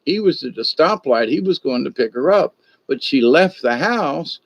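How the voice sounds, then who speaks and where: An older livestream host rambles through a folksy tale, often veering off into asides, his voice a little high and animated at a moderate pace. The audio is dry, dull, and lo-fi.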